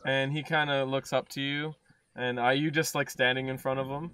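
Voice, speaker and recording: A man narrating a tabletop game as dungeon master, pausing often with ums and uhs. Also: mid-range voice, little pitch movement, sharp tone, slight background noise. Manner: hesitant, many fillers.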